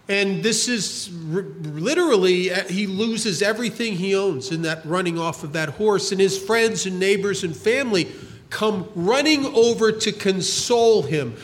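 A man giving a recovery talk, telling a folksy parable and acting out its characters' replies. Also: high voice. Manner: folksy storyteller, acts out the old man's shrugging replies. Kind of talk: storytelling talk.

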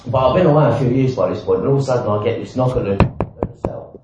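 A man shares his recovery story in a blunt, self-mocking way, dropping the odd swear word. His voice booms around a large, very echoey hall. The recording sounds dull and muffled. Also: very fast, background noise. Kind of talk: personal recovery talk with self-mocking humour.

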